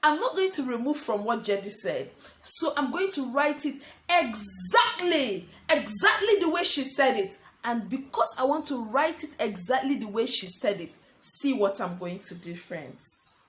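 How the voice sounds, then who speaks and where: A young woman teaching a lesson to small children, speaking slowly and repeating words while she writes on a board. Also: a little high, very animated, fairly bright tone, slight background noise. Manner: slow, sing-song teacher talk addressing children as friends; talks while writing on a board. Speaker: primary school teacher.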